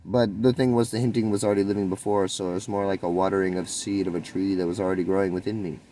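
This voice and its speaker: A man's voice: deep voice, level tone, fast talker, mellow, poor audio. A man giving a rambling, spontaneous spiritual monologue, musing and meandering, with sudden lifts in his voice. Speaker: spiritual vlogger.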